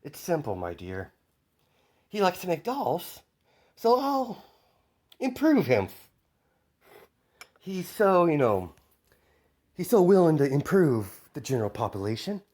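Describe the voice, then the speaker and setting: A man's voice: a little high, huge pitch swings, slow, pauses often, darkish tone, pitched above the performer's own voice, full character voice. A smug young antihero with a raised, bouncy voice that swings up and down, mock-polite and gleefully menacing, as a man puts him on for a fan story. He sounds pleased with himself.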